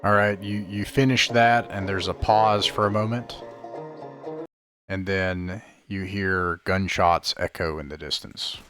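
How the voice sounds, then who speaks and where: A man narrating a tabletop game as game master, describing scenes in a halting way full of fillers over an online call. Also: low voice, steady tone, music in the background. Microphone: online call microphone.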